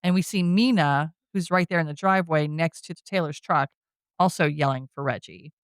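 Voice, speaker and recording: A woman's voice: low voice, moderate pace, smooth, dry recording. Dry-sounding woman host recapping a film. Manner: chatty retelling, frequent laughter. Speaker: podcast host.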